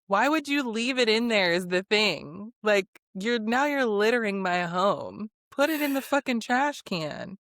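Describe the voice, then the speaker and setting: A woman's voice: mid-range voice, animated, measured pace, hardly any pauses, a bit bright, no echo. A woman guest on a podcast in casual chat, laid-back, agreeing along and adding dry asides.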